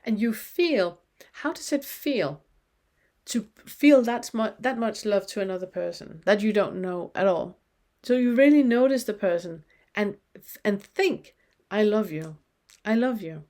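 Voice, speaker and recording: A woman leads a spiritual lesson in a soft, unhurried way. She asks one reflective question after another, pausing to let each one land. Her voice sits in an ordinary middle pitch. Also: lively intonation. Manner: slow, gentle questioning with pauses. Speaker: spiritual teacher. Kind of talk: guided spiritual teaching.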